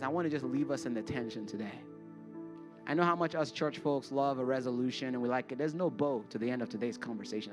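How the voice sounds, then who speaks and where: A man in his forties, a pastor preaching a sermon to his congregation. He speaks earnestly and confessionally and repeats words when worked up. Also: mid-range voice. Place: church sanctuary before a congregation.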